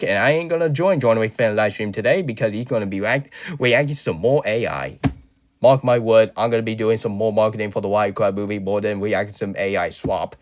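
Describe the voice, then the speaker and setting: A man hosting his own movie review channel, talking in a low voice that sounds sick. He rambles through his opinions, stops to correct himself, and slips into exasperated rants. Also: fairly quick. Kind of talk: casual spoken movie review.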